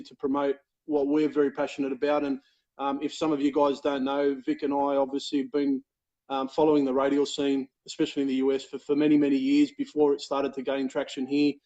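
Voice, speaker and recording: A man's voice: fairly high pitch, dark tone, highs cut off. An Australian man hosting a casual live stream, laid-back, laughing often and leaning on fillers. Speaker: show host.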